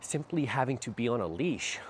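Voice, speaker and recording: A man's voice: medium pitch, animated, normal speed. A man working as a dog trainer, explaining while he walks a dog outdoors, with a habit of asking "right?" after short phrases. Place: outdoors by a street. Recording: faint outdoor noise.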